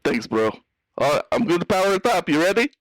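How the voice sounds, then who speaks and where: A man's voice: sits high, very animated, quick pace, dry recording, rough recording. A man playing a drunk, boastful hacker who calls a radio show, in a put-on Russian-sounding accent, slurring and calling everyone bro in an improvised comedy. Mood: drunk bragging. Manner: slurring, brash, says bro and dude.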